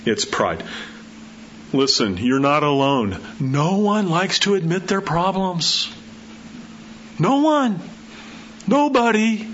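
Middle-aged pastor, chatty sermon delivery with big pitch jumps; slightly muffled recording, faint background hiss. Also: male voice, slow pace. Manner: conversational, animated, acts out quotes with rising pitch. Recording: slightly dull sound with faint background noise.

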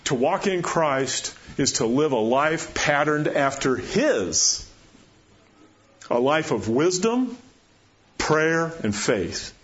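A man preaching a sermon as pastor, animated, rising to excited questions and dropping to quiet appeals. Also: a little high, slow pace, lo-fi sound.

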